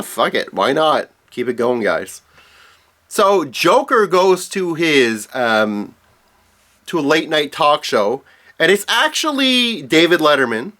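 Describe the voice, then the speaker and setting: A man's voice: mid-range voice, a bit bright. Casual male recapper of a comic-book story, rambling and profane, with lots of self-corrections. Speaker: comics explainer.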